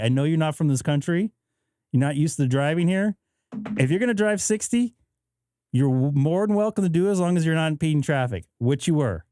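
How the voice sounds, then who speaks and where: A man's voice: a little high, a little mellow, dry recording, studio quality. A man hosting a live stream, chatting casually and acting out both sides of a story. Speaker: host. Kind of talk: casual chat. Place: home radio shack.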